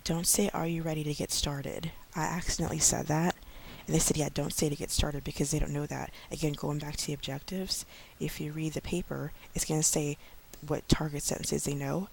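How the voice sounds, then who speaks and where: A woman in her thirties talks through teaching tips in a relaxed, rambling way, full of ums and slow, deliberate demonstrations. Her voice has a gravelly, fried edge. A faint hiss sits under the recording. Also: low-pitched. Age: 30s. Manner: chatty, many fillers, slows to model speech for kids. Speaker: online English teacher. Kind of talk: casual tips vlog.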